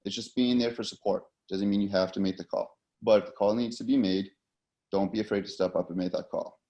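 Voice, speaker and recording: A man's voice: on the low side, fairly even intonation, a little fast, dark tone. A man with an American accent teaching linesman positioning in a loose, casual way, with plenty of fillers and repeated words. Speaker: hockey officiating instructor. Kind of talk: instructional talk.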